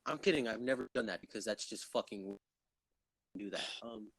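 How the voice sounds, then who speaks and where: A man hosting a podcast in loud, rambling, stuttery casual chat, swearing often. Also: lowish voice, a little fast, dry recording. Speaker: podcast host.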